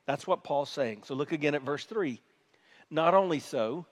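Male pastor with a high voice, animated sermon delivery that swings from hushed to loud. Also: moderate pace.

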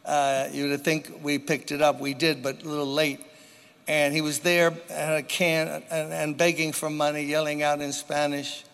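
A man's voice: on the high side, level tone, gravelly, a bit bright, clean tone. Emphatic male preacher in a reverberant church. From New York. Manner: preaching with dramatic pauses and emphatic repetition. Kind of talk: sermon. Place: church sanctuary. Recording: long hall reverb.

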